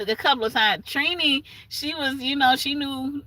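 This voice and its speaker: Woman, rambling livestream chat, bright tone, dry close sound. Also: high-pitched, moderate pace, no room sound. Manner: rambling, animated, laughs often.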